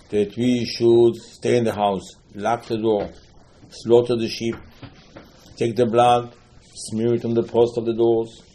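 A man gives a storytelling Torah class in a warm, mellow voice. He keeps repeating key phrases for emphasis and slips Hebrew terms into his English. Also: medium pitch. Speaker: rabbi teaching Talmud.

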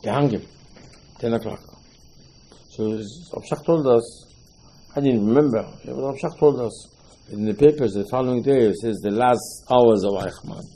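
An older male rabbi gives a Torah lecture, his showing through. His voice is husky and warm, and he tells stories with emphatic repetition, acting out the quotes. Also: medium pitch, measured pace, rough recording.

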